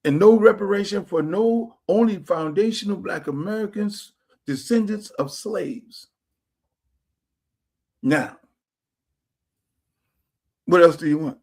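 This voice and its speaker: A middle-aged man, hosting a livestream in a blunt, profane, animated manner. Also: high voice, slow, pauses often. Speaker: host. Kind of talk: casual livestream talk. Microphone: streaming setup.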